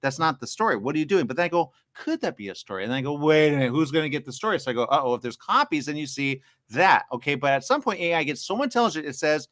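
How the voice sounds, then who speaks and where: Man, interviewer, rambling, quick-talking, dry close sound. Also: fairly high pitch, dry recording. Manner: rambling, excitable, acts out quoted exchanges. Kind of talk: live interview.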